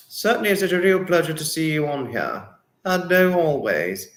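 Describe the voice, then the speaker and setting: A man's voice: a little high, big pitch swings, a little slow. Effusive English man in an echoey room. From England. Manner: effusive, greets viewers warmly by name, swears freely. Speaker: livestream host. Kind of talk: casual livestream chat reading comments.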